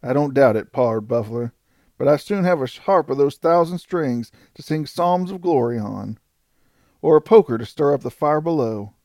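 A man voicing a coarse, desperate male outlaw in an audiobook, with rough frontier dialect. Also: mid-range voice, expressive, normal speed, a little mellow, no room sound, clean studio sound, natural voice. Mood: rueful.

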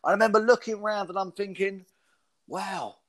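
Animated storytelling British man. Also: on the high side, moderate pace. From United Kingdom. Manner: animated storyteller with frequent restarts. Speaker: guest, former pro boxer and speaker. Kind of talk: casual interview storytelling.

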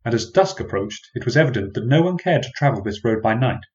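A man's voice: mid-range voice, animated, lo-fi sound. Wry man narrating an old-fashioned tale. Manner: measured, wry and old-fashioned formal phrasing. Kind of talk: first-person storybook narration.

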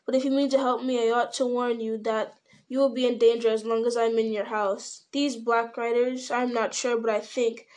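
A woman's voice: on the high side, little pitch movement, moderate pace, a little mellow, close to an everyday voice. Woman reader voicing a worried young male traveler, courteous and weary, storybook tone. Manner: anxious, polite. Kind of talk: storybook reading.

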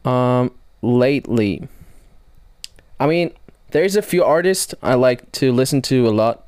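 An easygoing young man co-hosts a podcast in casual chat. His voice is clear and smooth at a middle pitch, recorded close and dry. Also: expressive, a little slow, a little mellow, no echo. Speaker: podcast co-host.

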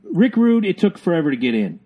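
A man co-hosting a casual podcast, ranting loudly and profanely. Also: high voice, very animated, breathy edge, phone-quality sound. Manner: profane, ranting, fast and emphatic. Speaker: podcast co-host. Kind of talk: casual chat.

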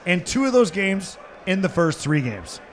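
A middle-aged man with a high voice spins stories on a live podcast taped in a sports bar. He acts out every quote and breaks into laughter and shouting at the punchlines. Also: sing-song, moderate pace, slight background noise. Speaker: podcast guest. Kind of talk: animated storytelling.

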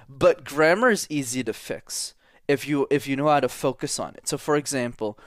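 A man's voice: mid-range voice, no echo, studio quality. A young Canadian man whose first language is French, answering interview questions as a public speaking coach in a confident, emphatic way.

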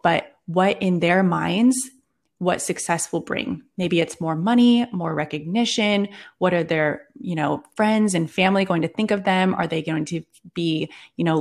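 A woman's voice: fairly low pitch, a little slow, gravelly. A woman coach explaining ideas earnestly as a guest on a podcast interview.

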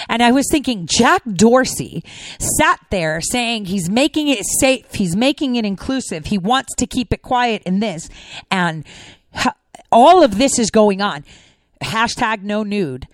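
A woman's voice: medium pitch, dry recording. A woman giving an emotional, outraged monologue as a commentator, close to tears. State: near tears. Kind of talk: impassioned monologue.

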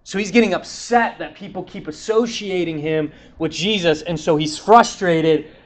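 A young man delivers a sermon with a slightly higher voice than most men. He retells the scripture story in a relaxed, chatty way, acting out the quotes as he goes. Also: moderate pace. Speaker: preacher.

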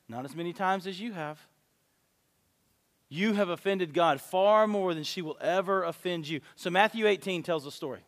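Male pastor, higher-pitched voice, animated sermon delivery, long hall reverb. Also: moderate pace. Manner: animated storytelling with acted-out dialogue.

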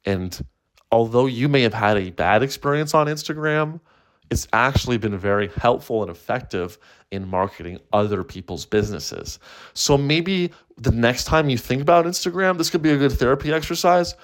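A man voicing a smarmy male therapist who speaks in a low, hushed, syrupy tone. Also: normal speed, close to an everyday voice. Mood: soothing. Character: smarmy male therapist, soft and self-promoting.

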